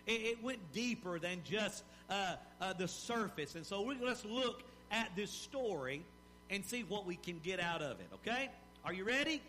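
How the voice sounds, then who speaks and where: A man preaching a sermon in an animated style, with rising emphasis and pauses. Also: sits high, slight background noise. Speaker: pastor.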